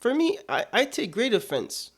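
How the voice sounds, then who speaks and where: A man's voice: extremely high pitch, wildly swooping pitch, normal speed, breathy edge. A man giving casual political commentary, indignant and full of rhetorical questions.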